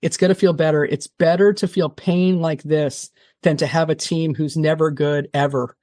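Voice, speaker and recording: A woman guest on an interview podcast, telling a long story in an animated, fast-talking way, often restarting her sentences. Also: low-pitched, no room sound, clean studio sound. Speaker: television producer, guest.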